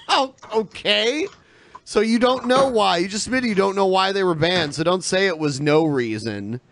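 A man hosting a podcast, firing quick, challenging retorts in casual banter. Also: high-pitched, dry recording. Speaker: host.

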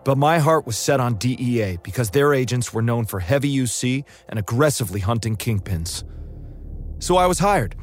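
A man's voice: medium pitch, lively intonation, normal speed, lightly acted. A man playing a hardened ex-agent over music. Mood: matter-of-fact. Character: hardened male ex-agent telling his own story. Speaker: narrator of a true-crime audio drama. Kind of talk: scripted first-person narration. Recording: narration over loud music.

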